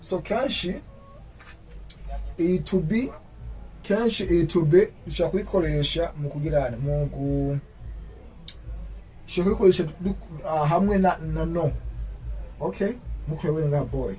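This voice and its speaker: Man teaching slow English drills. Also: fairly high pitch, dark tone, far from the mic, low-quality recording. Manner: explains in Kirundi, repeats English examples slowly. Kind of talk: language lesson.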